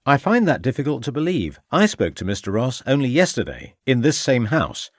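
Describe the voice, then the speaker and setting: A brisk, determined Victorian police inspector, read by a man. He questions in formal, pressing sentences with a lively, rising voice, recorded dry and close. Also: medium pitch, no room sound, voice pushed up. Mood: urgent.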